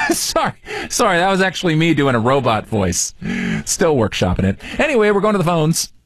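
A man's voice: on the high side, wildly swooping pitch, normal speed, no echo. A man hosting a radio call-in show, teasing and joking with a caller. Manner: playful, teasing. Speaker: radio host.

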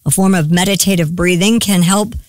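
A woman's voice: fairly low pitch, a little fast, no room sound. Lady reading the news bits on morning radio, dry close sound. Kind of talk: reading news items on air.

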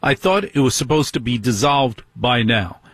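A middle-aged radio host delivers an indignant talk radio monologue in a husky, expressive voice of ordinary pitch, speaking at normal speed. His tone is fairly bright, and the recording is dry and close with no room sound. He keeps hurling rhetorical questions at his audience.

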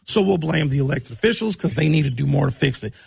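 A man hosting a talk show who is hoarse from recent shouting, giving blunt, conversational commentary on local news and asking rhetorical questions. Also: fairly high pitch, animated, quick pace, no room sound, studio quality.

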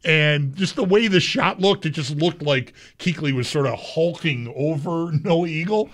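A sports radio co-host with a high-sitting voice talks at a moderate pace with few pauses. He chats conversationally, mulling over his picks out loud.

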